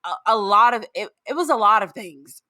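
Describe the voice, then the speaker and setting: A woman's voice: mid-range voice, animated, moderate pace, sharp tone, no echo, studio quality. A woman co-hosting a podcast, chatting casually and hesitantly, often restarting her sentences. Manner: hesitant, restarts, torn and unsure. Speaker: podcast co-host. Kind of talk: casual recap chat.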